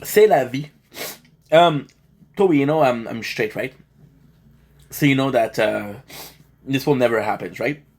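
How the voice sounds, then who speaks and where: With a medium-pitched voice, a measured pace and long pauses, a male gaming streamer chats loosely with his live audience, cracking jokes between stretches of game commentary. He comes across as exhausted and somewhat under the weather.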